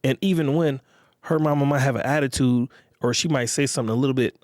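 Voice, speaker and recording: A man's voice: medium pitch, quick pace, a little mellow, dry recording, clean studio sound. A man hosting a podcast, talking in a casual, rambling, profane monologue and often checking in with his listeners. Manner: rambling, profane, repeats "you get what I'm saying". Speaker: podcast host.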